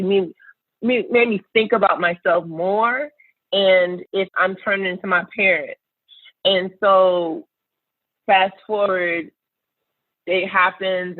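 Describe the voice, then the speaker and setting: A woman's voice: mid-range voice, no echo. A woman in her thirties, a podcast guest, telling personal stories in an earnest, reflective way, often searching for her words. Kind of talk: personal storytelling in conversation. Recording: tinny phone-like line, dry.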